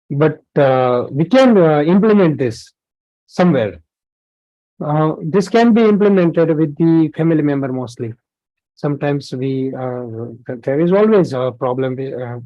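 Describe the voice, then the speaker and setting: A young man with an Indian English accent gives an earnest spiritual lecture, stopping often on fillers and false starts. His voice sits a little high but sounds mellow and dark. The recording is dry and dull, like lo-fi audio. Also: dry recording. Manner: earnest and explanatory, many fillers and restarts. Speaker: spiritual talk presenter.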